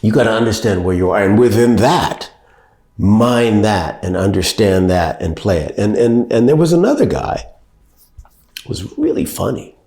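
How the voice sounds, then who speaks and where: A man in his sixties being interviewed, telling stories in a measured, thoughtful way that gets lively when he quotes people. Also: fairly low pitch, reverberant. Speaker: actor and director, guest. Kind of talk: reflective interview storytelling.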